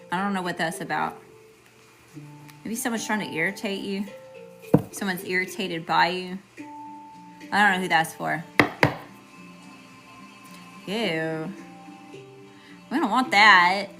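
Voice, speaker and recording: A woman giving a live tarot reading, chatty and informal, greeting viewers and often checking in with "okay?". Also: on the low side. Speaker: tarot reader.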